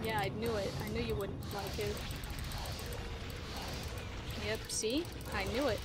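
A woman's voice: mid-range voice, fairly even intonation, a little fast, very noisy. A woman hosting a casual game playthrough, playful and self-mocking, with giggly asides. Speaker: gaming video host.

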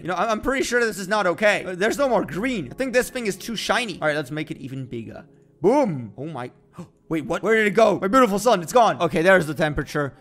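A man's voice: a little high, fairly bright tone. A young man giving casual, joking commentary while playing a space simulation game, exclaiming often. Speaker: gaming YouTuber. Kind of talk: casual let's-play commentary. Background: faint background music.

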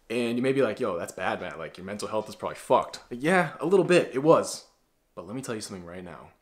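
A man's voice: medium pitch, a bit bright. A blunt man talks straight to the camera like a self-improvement coach. He swears freely, speaks in a mid-range voice, and keeps calling the listener bro. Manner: blunt and profane, calls the viewer "bro". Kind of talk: casual motivational talk to camera.

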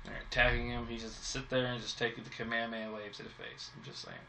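Gravelly, cursing gamer man. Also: mid-range voice, level tone, fast talker, sharp tone, a little hiss or hum. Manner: frustrated, swears constantly, talks to himself. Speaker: gameplay commentator. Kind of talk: casual let's-play commentary.

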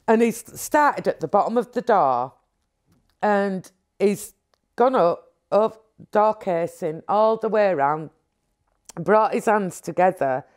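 A woman telling a candid personal story in an interview, animated and acting out movements as she talks. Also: medium pitch. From England.

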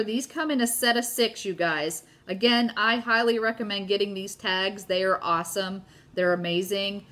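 A woman's voice: medium pitch, fairly bright tone. A middle-aged woman hosting a casual live crafting demo at home, chatting and gushing to her viewers as she works. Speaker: craft video host.

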